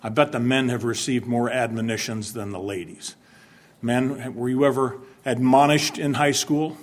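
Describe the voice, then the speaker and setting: A male pastor delivers a sermon to his congregation at an ordinary pitch, neither high nor low. He leans on key words with emphasis and breaks off to put questions to the listeners, sometimes acting out a stern warning. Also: fairly even intonation, moderate pace.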